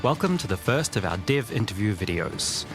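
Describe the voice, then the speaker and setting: Guy hosting a dev interview, super animated voice, bit of music under it. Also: fairly low pitch, normal speed. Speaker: interviewer, trailer maker. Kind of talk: studio video interview.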